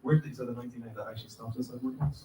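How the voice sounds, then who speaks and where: A man moderating a live convention panel, asking quick, teasing questions. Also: mid-range voice, steady tone, mellow. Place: large auditorium. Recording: echoey hall, distant mic, faint noise.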